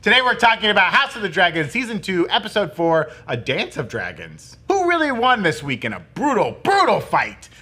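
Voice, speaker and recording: A man's voice: high-pitched, huge pitch swings, brisk, few pauses, sharp tone, husky. A man hosting a casual TV review show, joking and laughing often as he leads the talk. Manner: jokey, laughs often, does voices. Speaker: show host. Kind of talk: casual pop-culture review chat.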